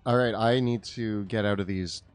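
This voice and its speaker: A man's voice: fairly low pitch, steady tone, moderate pace, faint music behind. A man playing a tabletop game, hesitant and self-mocking as he describes his character's turn. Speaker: player. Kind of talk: casual tabletop game play.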